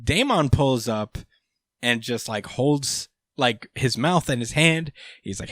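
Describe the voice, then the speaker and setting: A man's voice: mid-range voice, animated, slow, a bit bright, no room sound, clean studio sound. A young man hosting a podcast, recapping a chapter in rambling casual chat with many fillers and casual swearing. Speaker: podcast host.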